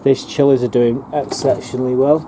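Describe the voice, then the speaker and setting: A man's voice: mid-range voice, flat delivery, brisk, background noise. A man, chatting casually and rambling through fillers as he walks a tour of his allotment garden. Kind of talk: casual walking tour narration. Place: outdoor allotment garden in a town.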